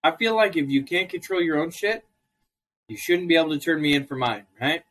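A man's voice: a little high, animated, fairly quick, a bit bright. A man on a casual podcast, ranting in a profane, storytelling way. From Idaho, US. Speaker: co-host.

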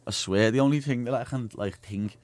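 A man's voice: mid-range voice, fairly quick, a little mellow. A young man with a Liverpool accent, a guest in a radio studio, chatting casually and telling stories full of slang and fillers. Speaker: guest fighter.

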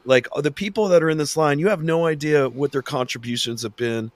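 A man's voice: on the high side, brisk, no echo. Ranting, swearing male podcast host. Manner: ranting, profane, with many restarts. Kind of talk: casual chat.

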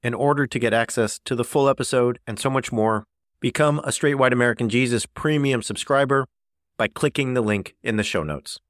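A man's voice: medium pitch, a little fast, no echo, clean studio sound. A man reading a scripted podcast promo, with casual asides.

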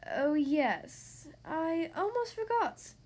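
A woman voicing a scheming, evil female sea witch in a storybook reading, drawn-out and gloating. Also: very high voice, sing-song, darkish tone, full character voice.

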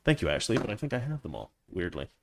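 A man's voice: on the low side, very animated, fast talker, creaky, a little hiss or hum. A man hosting a casual livestream, reading viewer comments and chatting in a rambling, self-correcting way with frequent laughs. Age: adult, past his teens.

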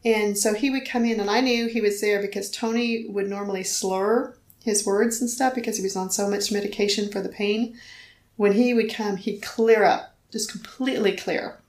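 A woman's voice: medium pitch, fairly even intonation, normal speed, a little mellow. Woman, middle-aged, earnest storyteller, testimony, roomy echo. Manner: earnest storytelling, acts out quoted voices. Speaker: guest telling her story. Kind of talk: personal testimony in conversation.

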